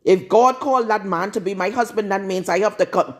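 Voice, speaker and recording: A woman's voice: medium pitch, fairly quick, few pauses. A woman preaching a live-streamed sermon in a blunt, scolding, confrontational manner. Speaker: prophetess.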